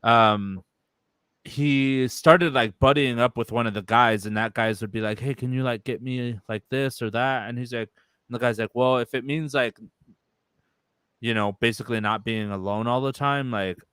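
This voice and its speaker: Young male podcast co-host, smooth clean voice, dry close sound, casual profane storyteller. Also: mid-range voice, fairly even intonation, normal speed, a bit bright, no room sound. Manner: retells a story with quoted voices, loose and profane.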